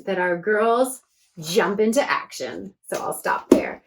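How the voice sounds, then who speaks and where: A woman's voice: medium pitch, takes it slowly, vocal fry, background noise. A woman author reading her book aloud to children, chatty and enthusiastic between passages.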